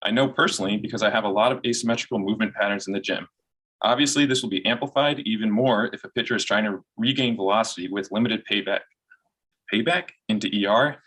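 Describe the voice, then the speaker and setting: A man's voice: on the low side, fairly bright tone, breathy edge, poor audio. A young man, a physical therapy student, reading a long listener question aloud straight through. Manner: brisk, reads straight through.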